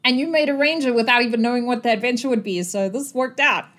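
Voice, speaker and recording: A woman narrating as game master, lively and quick to laugh. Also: on the high side. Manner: lively, giggly, animated.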